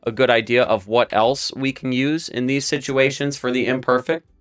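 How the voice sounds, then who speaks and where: A man's voice: mid-range voice, fairly even intonation, normal speed, a bit bright, smooth, faint music behind. A young man teaching a live Spanish lesson, explaining verb forms step by step while writing on a board. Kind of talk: live-streamed language lesson.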